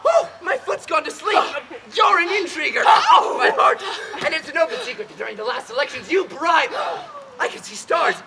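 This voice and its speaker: An actor playing a blustering hypochondriac suitor. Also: male voice, extremely high pitch, very animated, moderate pace, gravelly, a crowd in the background, exaggerated voice. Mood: panicky. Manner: blustering, breathless complaints about his heart. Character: anxious young male landowner, hypochondriac, quarrelsome. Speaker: stage actor. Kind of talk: amateur stage comedy performance. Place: indoor theatre stage. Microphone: far camera. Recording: far-off camera mic, loud audience and hiss. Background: audience laughter and noise.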